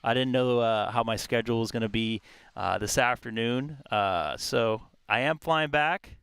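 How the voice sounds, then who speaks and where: A man's voice: mid-range voice, normal speed, a bit bright, smooth, no echo. A man chatting casually and rambling outdoors in a park during a ham radio live stream, with plenty of fillers. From California.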